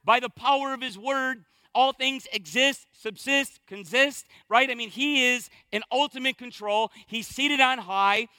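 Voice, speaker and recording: Male pastor, very high voice, bright tone, dry close sound, emphatic sermon delivery. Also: a little slow, hardly any pauses, dry recording. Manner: emphatic, repetitive, conversational preaching.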